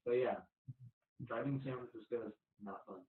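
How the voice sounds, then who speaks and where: A man's voice: medium pitch, fairly even intonation, fairly quick, far from the mic. A young man hosting a podcast in easygoing, casual talk, often breaking into laughter as he tells stories. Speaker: podcast host. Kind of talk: casual chat. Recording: tinny phone-like sound in an echoey room.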